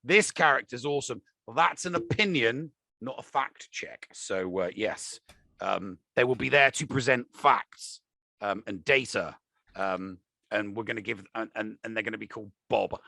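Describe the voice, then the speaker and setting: A British man co-hosts a podcast, rambling through loose casual chat full of fillers and restarts. His voice is gravelly and bright. It sounds dry and close to the mic. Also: fairly low pitch, a little slow, dry recording. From United Kingdom. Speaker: podcast co-host.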